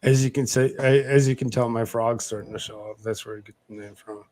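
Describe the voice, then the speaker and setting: A tipsy man hosting a loose podcast. His voice gurgles with a frog in his throat, sitting at an ordinary pitch. He laughs a lot and swears freely. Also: steady tone, fairly quick, a little mellow. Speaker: podcast host. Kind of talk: casual chat.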